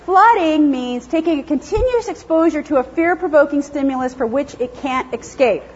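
A woman's voice: high-pitched, lively intonation, normal speed, darkish tone. A woman lecturing on animal behavior to an audience, chatty and self-deprecating, laughing often as she explains. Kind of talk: conference lecture with audience questions. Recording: dull lo-fi sound.

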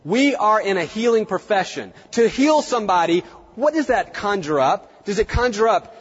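Southern guy lecturing a room, husky voice, kinda high, long hall echo. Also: very animated, moderate pace. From American South. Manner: conversational, repeats words, demonstrates on stage. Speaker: workshop presenter. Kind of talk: live seminar lecture. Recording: dull recording in a large reverberant hall.

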